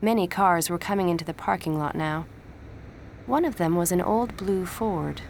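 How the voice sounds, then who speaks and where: Woman reading a storybook, gravelly low voice. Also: normal speed, darkish tone, slight background noise. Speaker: audiobook narrator. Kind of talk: scripted storybook narration.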